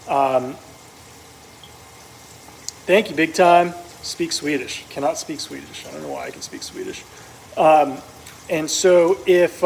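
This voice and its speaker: A man's voice: fairly high pitch, a little mellow, a little hiss or hum, low-quality recording. A man talking while he cooks, rambling with many ums and uhs, as meat sizzles in his kitchen. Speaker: cooking vlogger. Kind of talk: casual talk while cooking. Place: kitchen with food searing.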